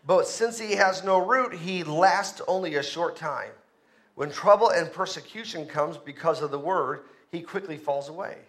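A man's voice: high voice, fairly bright tone. A male pastor preaching a sermon, with emphatic repetition and call-and-response to the congregation.

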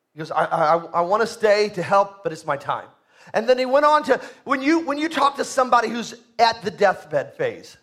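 A man, a pastor, preaching a sermon in a church, emphatic and rising loud on key points. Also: high-pitched.

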